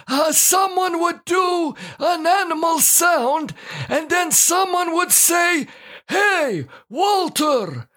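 A woman voicing a bumbling married man in a scripted comedy sketch, speaking halting broken English full of "uh" fillers. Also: extremely high pitch, fairly bright tone, exaggerated voice. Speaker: co-host of a comedy show.

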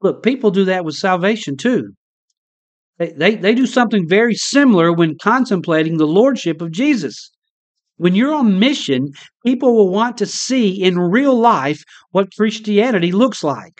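Impassioned high-voiced male preacher. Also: lively intonation, normal speed. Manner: impassioned, with sharp swings between loud high emphasis and hushed low moments; repeats words when building a point. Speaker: pastor. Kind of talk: sermon.

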